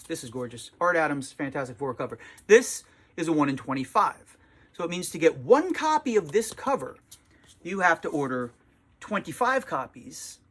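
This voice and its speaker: A tired comic shop owner talking in a casual vlog from the small shop, exasperated and sarcastic, swearing freely. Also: medium pitch.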